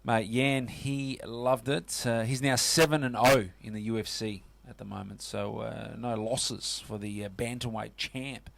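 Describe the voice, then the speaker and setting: A man's voice: mid-range voice, fairly even intonation, measured pace, vocal fry, hardly any pauses, a bit bright, no room sound. A man with an Australian accent hosting a casual sports radio show, chatty and full of fillers. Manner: chatty, lots of fillers and "mate".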